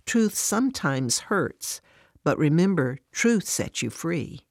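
A woman voicing a quiet, gentle Jesus. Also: deep voice, sing-song, takes it slowly, dry recording, studio quality, full character voice. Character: calm, gentle male Jesus.

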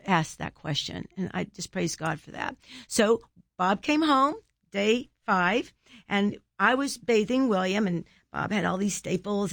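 A woman's voice: mid-range voice, gravelly, dry recording, studio quality. A middle-aged woman, an author guest, telling a personal faith story with earnest storytelling and preachy questions to listeners.

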